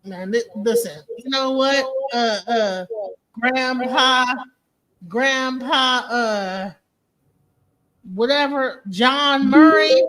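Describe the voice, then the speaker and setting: Bright-voiced, profane young woman. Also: high voice, very slow. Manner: profane, rambling, joking. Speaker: host. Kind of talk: casual live-stream chat.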